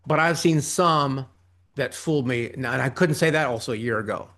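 A man talking as a guest on an interview show, animated and quick, acting out quoted reactions in between. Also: mid-range voice. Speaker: interview guest, ghostwriting business owner. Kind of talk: conversational interview.

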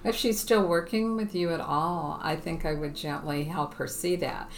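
A woman's voice: low voice, steady tone, moderate pace. A woman, a mental health professional, talking in a reflective, affirming way. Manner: affirming, reflective, gives frequent backchannel. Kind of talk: casual conversation.

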